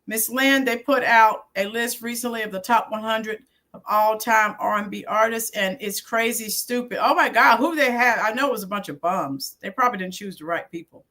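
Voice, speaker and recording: This middle-aged teacher's voice runs on the high side, pushed and bright, at a normal speed. Hosting her own YouTube channel, she chats casually with viewers live, reminiscing and answering them by name.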